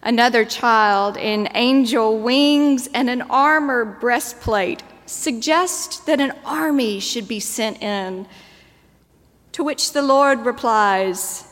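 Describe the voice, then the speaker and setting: A woman preacher delivering a sermon in a measured, storytelling manner. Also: a little high, a bit bright. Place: church. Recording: long church reverb.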